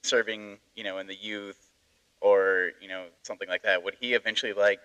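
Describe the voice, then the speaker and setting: A man hosts the podcast with a lowish, bright voice. His tone is smooth and clear, and he asks his questions in a halting way, padded with fillers. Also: level tone, highs cut off. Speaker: podcast host. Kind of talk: interview questions.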